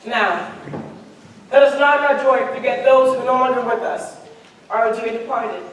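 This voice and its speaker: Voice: medium pitch, fairly even intonation, normal speed, lightly acted. A young actor in a school musical playing a ceremonious wedding host who announces gifts and toasts, recorded from far off in an echoing auditorium with a noisy audience. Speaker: high school stage actor. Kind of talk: live school musical acting. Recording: roomy hall, far off, crowd noise.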